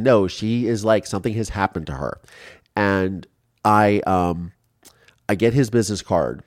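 A man in his forties from Ohio, telling his life story in an interview in an animated way, acting out quotes and restarting often. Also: fairly low pitch, normal speed, no room sound, studio quality. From Ohio, USA.

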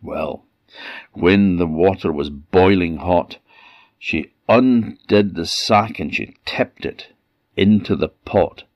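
A man from Orkney with an Orcadian Scottish accent, telling a folktale in a lively, animated way. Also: low voice, takes it slowly, no room sound. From Orkney, Scotland. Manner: lively, animated, voices every character. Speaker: storyteller. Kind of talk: folktale storytelling. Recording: dull lo-fi dry recording.

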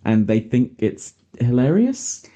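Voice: mid-range voice, big pitch swings, takes it slowly, warm tone, slightly rough. A podcast host in casual chat, chatty and sarcastic, often laughing.

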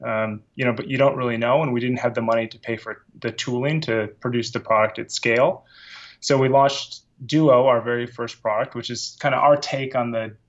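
Male founder as podcast guest, relaxed and hesitant, dull recording. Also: medium pitch, moderate pace. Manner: casual, hesitant with fillers and restarts. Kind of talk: podcast interview.

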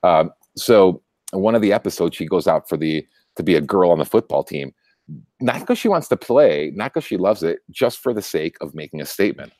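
A young man hosting a casual political chat show, talking in an animated way, laughing often, restarting his sentences and swearing freely. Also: low-pitched, brisk, no room sound. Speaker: show host.

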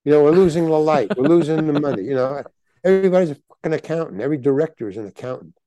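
A man's voice: fairly high pitch, lively intonation, very fast, warm tone, no room sound. An older man, a guest actor telling rambling anecdotes in a casual interview and acting out the dialogue he quotes.

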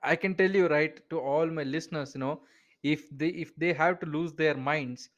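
Here a podcast host with an Indian English accent speaks at a moderate pace in a fairly high pitch, heard through lo-fi sound. It's a casual interview, and he keeps it chatty, full of "you know" fillers, with laughs between points.

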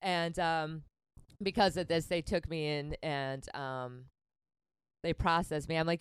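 A woman's voice: low voice, steady tone, a little slow, clear, resonant tone, no echo. A woman in her late twenties casually telling a story on a podcast, swearing freely, laughing often and acting out the lines of the people in it. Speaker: comedian guest.

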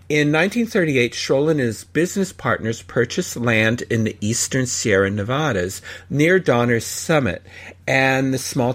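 Man, podcast host, casual chat, husky, animated pitch. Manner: chatty, reads credits and trivia, lively pitch. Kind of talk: casual chat and cartoon history rundown.

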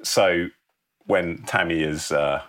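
A man's voice: low-pitched, steady tone, slow, fairly bright tone. A man co-hosting a casual comedy chat, telling a story with lots of swearing and acting out the characters' lines. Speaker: podcast co-host pitching a film story.

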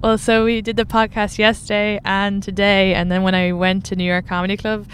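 A woman co-hosting a podcast in casual chat, talkative and quick to laugh. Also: medium pitch, level tone. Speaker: podcast co-host. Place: moving car. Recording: faint car noise in background.

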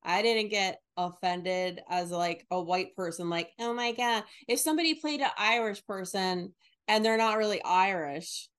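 A woman in her thirties from the northern United States, co-hosting a casual chat, animated and acting out quotes in exaggerated voices. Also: fairly low pitch, normal speed, smooth. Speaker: podcast co-host.

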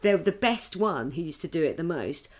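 A woman co-hosting a podcast, telling stories casually and acting out quick quotes. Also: deep voice, expressive. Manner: storytelling with quick acted-out quotes. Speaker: podcast co-host. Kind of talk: casual chat.

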